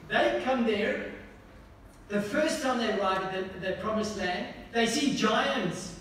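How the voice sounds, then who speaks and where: A man preaching a sermon, often asking the congregation questions and swinging between emphatic lines and hushed ones. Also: high voice, lively intonation, slow pace. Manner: asks the congregation repeated questions. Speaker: pastor. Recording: echoey hall from far off, faint noise.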